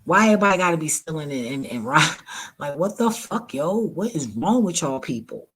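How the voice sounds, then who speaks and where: A woman's voice: low voice, expressive, fairly quick, a bit bright, slightly rough. A woman vlogger casually retelling a story to her viewers, profane and exasperated, often laughing.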